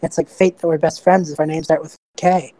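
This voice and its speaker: A woman's voice: low voice, fairly even intonation, a little fast, warm tone, slight background noise, close to an everyday voice, poor audio. A woman voicing a charmed male kobold who rambles eagerly and wants to be best friends. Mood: smitten.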